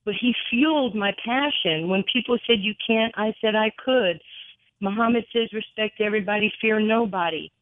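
A middle-aged woman, a radio guest, telling a personal story with many fillers and an earnest, halting way of talking. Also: medium pitch, no room sound. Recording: tinny phone line, dry.

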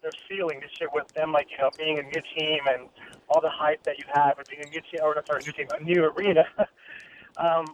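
Young-sounding male caller, rambling, high-ish voice, muffled phone. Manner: rambling, filler-heavy, keen. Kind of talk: sports radio call-in. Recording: muffled phone line with faint noise.

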